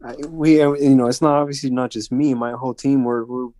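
Halting male guest, mid-pitched. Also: fairly even intonation, dark tone, no room sound. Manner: halting, with many restarts. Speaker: event organizer guest. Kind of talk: casual chat.

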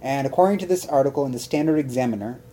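A woman co-hosting a podcast in casual chat, deadpan and full of offbeat questions. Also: extremely low pitch, racing. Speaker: podcast co-host.

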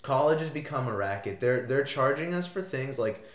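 A man's voice: medium pitch, expressive, normal speed. A young college-age man co-hosting a podcast, swearing freely and ranting with emphasis in casual chat. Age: young adult. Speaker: podcast co-host. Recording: echoey room.

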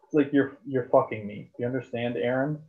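A man's voice: mid-range voice, a little fast. Swearing man on a tinny line. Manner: rambling, swears freely, lots of fillers. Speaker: podcast co-host. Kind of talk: casual sports chat. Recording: tinny phone-like sound.

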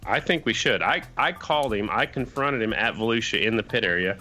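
A man co-hosting a casual podcast chat, telling animated stories. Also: lowish voice, fairly quick, soft background music. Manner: animated anecdote teller. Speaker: podcast co-host.

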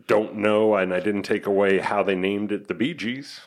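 A man's voice: fairly low pitch, fairly even intonation, normal speed. A man co-hosting a podcast, chatting casually and telling stories in a laid-back way. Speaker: podcast co-host. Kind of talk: casual chat.

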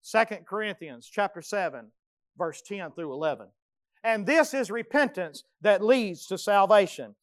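A man preaches with fervor, his high, smooth voice rising into loud pleas and falling to near-whispers. The sound is dry and close, with no room around it. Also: animated, a little slow, no room sound. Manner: impassioned, swings from loud pleading to hushed intensity. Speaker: pastor. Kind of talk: sermon.

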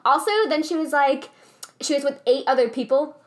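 A woman telling a story in casual chat, animated and swearing freely as she mimics people. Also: high voice, fairly quick.

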